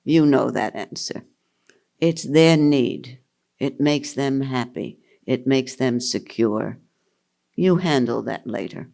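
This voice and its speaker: An older woman teaching at a retreat, answering questions in an unhurried, amused way and laughing often. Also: very deep voice, vocal fry, warm tone. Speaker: spiritual teacher.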